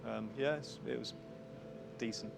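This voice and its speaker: A man's voice: medium pitch, a little slow, gravelly, over music. A man, a race team mechanic, chatting casually and informally about prepping the car. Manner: relaxed and chatty, informal slang. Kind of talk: casual chat to camera.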